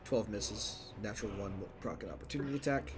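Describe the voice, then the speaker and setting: A man running a tabletop game as game master, relaxed and joking as he narrates and rules. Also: fairly low pitch, quick pace.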